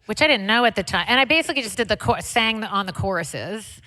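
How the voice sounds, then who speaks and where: A woman's voice: mid-range voice, quick pace. Chatty woman in a reverberant hall. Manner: chatty, excitable storytelling with fillers. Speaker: interview guest, singer. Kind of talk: live onstage conversation.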